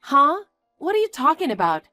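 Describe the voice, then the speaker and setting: An anxious, earnest young woman pleads and questions in disbelief, as a narrator puts her on. Her voice rides noticeably high and a bit louder. It is recorded dry and close over faint music. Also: animated, normal speed, no echo, close to an everyday voice. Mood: incredulous. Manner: pleading and incredulous.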